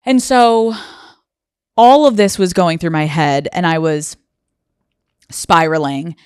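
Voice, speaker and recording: A woman's voice: sits low, expressive, measured pace, smooth, dry recording. A young woman hosting a solo podcast, talking in an emotional, confessional way and close to tears, recorded on a studio microphone. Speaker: podcast host. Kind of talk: personal solo podcast monologue.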